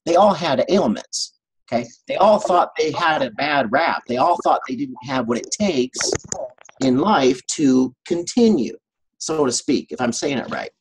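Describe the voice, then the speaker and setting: A man's voice: medium pitch, expressive, a little slow, poor audio. A man giving a motivational team training talk, telling a story with animation and often checking in with his listeners.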